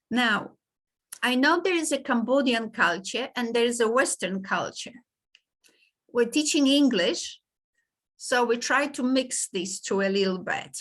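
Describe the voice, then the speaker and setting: Lively woman lecturer, fairly high voice. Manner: lively, conversational, laughs often. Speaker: teacher. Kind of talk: online lecture.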